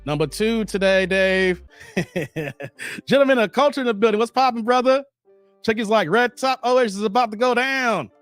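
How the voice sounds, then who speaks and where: A man around forty hosting a casual livestream, slangy and animated, laughing and chatting with viewers. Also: high voice, normal speed, clear, resonant tone, no room sound, faint music behind. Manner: animated, slangy, laughs often, chats with the chat. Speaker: livestream host. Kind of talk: casual livestream chat reading viewer comments.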